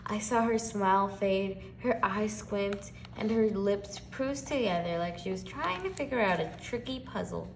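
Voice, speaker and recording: Female storybook reader, expressive, faint hum behind. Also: medium pitch, a little slow, gravelly, few pauses. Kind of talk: reading a children's picture book aloud.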